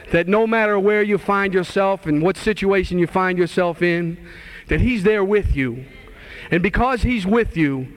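A man in his forties giving an earnest, animated testimony. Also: high-pitched. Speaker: guest speaker sharing testimony. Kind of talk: testimony talk.

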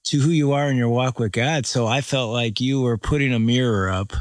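A middle-aged man, a pastor, co-hosts a casual chat, speaking reflectively and teasing now and then. His voice sits at an ordinary pitch. The sound is dry and close. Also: brisk, no echo. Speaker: pastor and co-host.

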